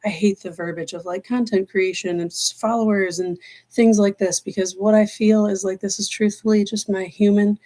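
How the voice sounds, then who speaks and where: Earnest woman tarot reader on a livestream, meandering talk with slowed emphasis, emotional edge. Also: mid-range voice, steady tone, dark tone. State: choked up, near tears. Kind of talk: live-stream spiritual talk.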